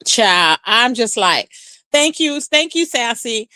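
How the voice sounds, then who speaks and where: Chatty high-voiced woman live streamer. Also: takes it slowly, no echo. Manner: chatty, animated, says "child" often. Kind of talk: casual live-stream chat reading comments.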